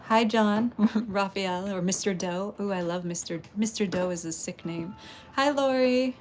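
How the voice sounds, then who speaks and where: A woman's voice: mid-range voice, a little slow, a little hiss or hum. A woman from Texas, hosting a casual pottery livestream, chatting with viewers, greeting them by name and laughing often.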